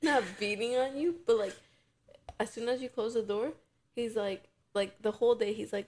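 A woman's voice: fairly high pitch, moderate pace. A young woman co-hosting a casual podcast chat, spinning hypothetical scenarios and acting out the people in them. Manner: animated storyteller, acts out scenarios in quoted voices. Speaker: podcast co-host.

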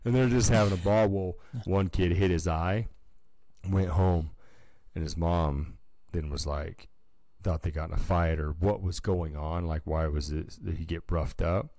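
A man's voice: deep voice, fairly even intonation, warm tone, no echo. A man co-hosting a podcast, chatting casually and telling rambling stories full of "like" and "dude". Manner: slips into quick put-on voices for people in his stories. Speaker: podcast co-host. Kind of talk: casual chat.

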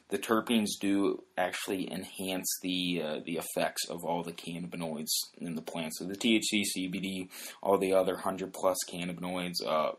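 Low-voiced man rambling through a casual explainer. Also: a bit bright. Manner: rambling, many fillers and restarts, "if you will". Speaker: podcast host.

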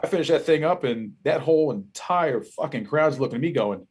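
A man with a Philadelphia accent, a musician guest telling profane, animated stories in casual podcast conversation. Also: medium pitch, a little fast, breathy edge.

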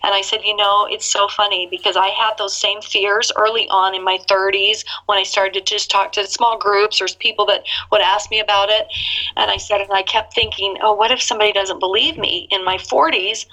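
A woman in her fifties, an interview guest telling her own story in an earnest, animated way with laughs between phrases. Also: mid-range voice, normal speed, rough recording. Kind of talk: candid personal storytelling.

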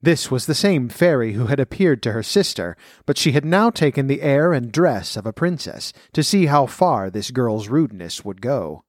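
Guy reading old fairy tales, steady measured voice, dry close sound. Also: medium pitch, no echo. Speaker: storyteller. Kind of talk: fairy-tale reading and folklore commentary.

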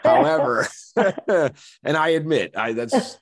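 A man's voice: fairly high pitch, big pitch swings, slow pace. A man hosting a podcast interview, loose and slangy with mild swearing, laughing easily as he talks. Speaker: podcast host. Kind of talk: casual interview chat.

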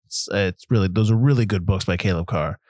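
A man casually talking through a movie with a friend, jumping into high-pitched disbelief when something seems dumb. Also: brisk, darkish tone, no room sound, clean studio sound. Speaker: movie podcast co-host.

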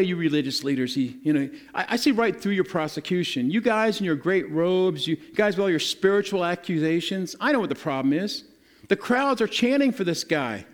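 A male pastor preaching a sermon, retelling scripture in a lively, casual storytelling way and acting out the people in it. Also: sits high.

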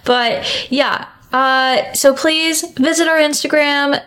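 A woman's voice: sits high, steady tone, slow, pushed and bright. A young woman co-hosting a casual podcast, teasing and laughing often as she rambles through stories and plugs. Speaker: podcast co-host. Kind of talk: casual chat.

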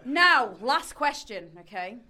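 A woman's voice: on the high side, sing-song, takes it slowly, a crowd in the background. A woman with an English accent hosting a casual quiz, bossy and teasing with her guests. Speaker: quiz host.

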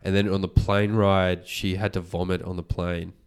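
A man, hosting a podcast and retelling a story in casual chat, animated and swearing freely. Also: sits low, normal speed, clean tone. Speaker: podcast host.

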